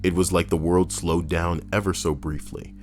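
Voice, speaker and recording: A man's voice: sits low, flat delivery, moderate pace, soft background music. A man streaming, reading stories aloud and breaking off into blunt, profane commentary.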